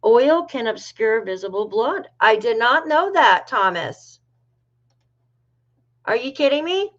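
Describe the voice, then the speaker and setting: A woman's voice: fairly high pitch, big pitch swings, slow pace, fairly bright tone, dull audio. A middle-aged woman from New York hosting a casual livestream, chatting with viewers and reading their comments aloud. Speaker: livestream host.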